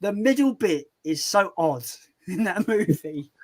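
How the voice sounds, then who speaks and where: A man's voice: high voice, expressive, measured pace. A man hosting a live movie chat, rambling casually with many restarts.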